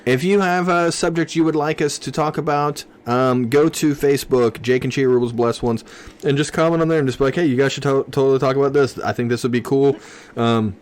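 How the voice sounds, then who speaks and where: A man's voice: medium pitch, steady tone, brisk, smooth. A man co-hosting a podcast in casual, joking chat, fond of putting on silly voices. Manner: playful, jokey, keeps putting on silly voices. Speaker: podcast co-host.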